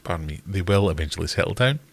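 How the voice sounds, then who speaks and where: A man's voice: low-pitched, animated, very fast, gravelly. A man with a Glaswegian accent hosting a casual live-stream Q&A, chatty and jokey as he answers viewers. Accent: Scottish, Glaswegian. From Scotland. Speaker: host.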